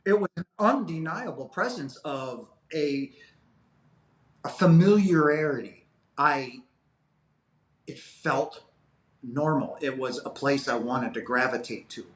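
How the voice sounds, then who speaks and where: A man's voice: medium pitch, expressive, takes it slowly, pauses often. A man in his fifties, a guest telling a personal story in an interview, earnest and rambling with many fillers. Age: 50s. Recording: roomy echo.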